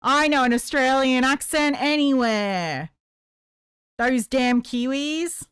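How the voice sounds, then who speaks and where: Bubbly high-voiced woman streamer. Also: slow pace, fairly bright tone, smooth, no echo, studio quality. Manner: chatty and playful, reads chat aloud. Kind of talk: casual live-stream chat while crocheting.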